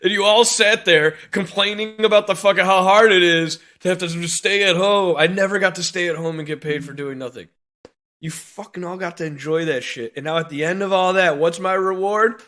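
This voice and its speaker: A man's voice: high voice, fairly quick, pushed and bright. A man in his thirties co-hosting a podcast, ranting angrily with constant swearing and bursts of laughter. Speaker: podcast co-host. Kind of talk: profane rant on a podcast.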